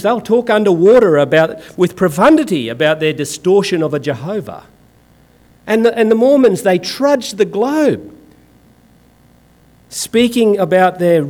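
A man's voice: sits high, darkish tone. A man preaching a sermon in an emphatic, sarcastic and colloquial way.

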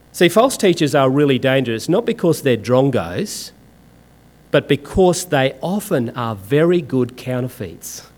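Emphatic preacher, lively pitch. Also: male voice. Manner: emphatic, sarcastic, colloquial. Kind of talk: sermon.

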